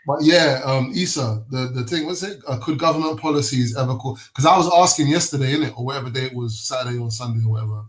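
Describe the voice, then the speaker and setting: A man's voice: mid-range voice, fast, hardly any pauses, low-quality recording. A man chatting in a laid-back, slangy way. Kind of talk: casual chat.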